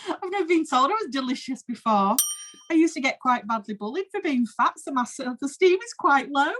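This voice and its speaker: A naive female cow ghost, acted by a woman in an improvised comedy bit. Her voice leaps through a very wide span of pitch, squealing in shock one moment and dropping low the next. She sounds hurt, gullible and desperate for praise. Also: animated, brisk, fairly bright tone, a little hiss or hum. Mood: flattered.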